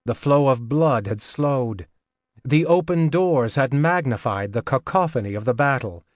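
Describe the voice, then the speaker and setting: A man narrating a fantasy audiobook in a measured, steady reading on a close mic. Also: medium pitch, dry recording. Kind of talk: scripted narration.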